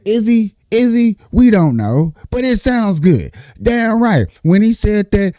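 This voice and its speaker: A man's voice: mid-range voice, sing-song, a little slow, hardly any pauses, warm tone, no room sound. A man talking in a profane, emphatic casual monologue, repeating his points in heavy slang. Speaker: streamer and political commentator.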